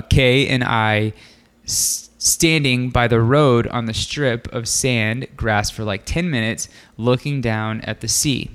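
A man with a smooth, resonant voice at an ordinary pitch, chatting casually on a podcast. He reads a story aloud at a relaxed pace, breaking off into filler-heavy asides. The tone stays easygoing and conversational. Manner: laid-back, filler-heavy, laughing asides. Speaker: podcast co-host.

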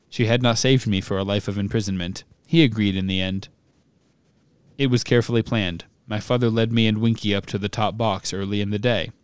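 A man reading aloud in a flat monotone as a young male dark wizard confessing. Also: fairly low pitch, clear, resonant tone, no echo, lightly acted.

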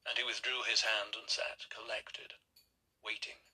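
A man narrates an audiobook in a quiet, measured way. His voice is husky, with a bright, tight edge to the tone. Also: fairly low pitch, poor audio. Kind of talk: scripted narration.

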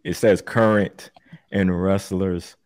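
A laid-back man with a low voice co-hosts a casual podcast, steering the conversation and laughing easily between his picks. His talk is loose and salty, and the sound is dry and close. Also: fairly even intonation, slow pace, darkish tone, no echo. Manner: laid-back, laughs often, swears freely. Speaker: podcast co-host running the bracket. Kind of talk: casual chat.

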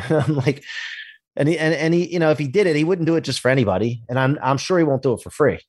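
Husky man telling a story. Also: medium pitch, racing, dry recording, studio quality. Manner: animated, acts out quoted dialogue, swears casually. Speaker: podcast guest, entrepreneur. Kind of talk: casual storytelling interview.

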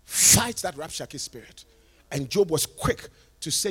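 A male preacher giving a sermon, moving from quiet talk to shouted, sing-song preaching. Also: fairly high pitch, lively intonation, normal speed, breathy edge. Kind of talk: sermon at a conference.

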